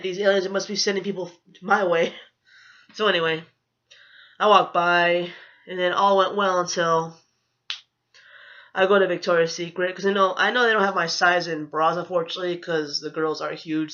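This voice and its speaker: As a vlogger, a woman rambles through an indignant storytime rant, swearing freely and dropping "you know" into nearly every sentence. Her forceful, bright voice is lowish, a little fast and fairly even in intonation, captured on what sounds like a cheap mic with dull, lo-fi audio.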